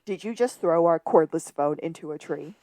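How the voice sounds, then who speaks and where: This co-host's voice sits low and sounds warm, moving at a moderate pace in a room with no echo. She's chatty and quick to laugh as she walks through a TV episode on the podcast, acting out scenes by quoting the characters' lines.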